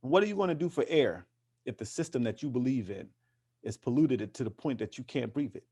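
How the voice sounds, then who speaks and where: A man's voice: medium pitch, animated, fairly quick, warm tone, slightly rough. Passionate man with many restarts. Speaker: interview guest, activist. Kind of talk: casual conversational interview.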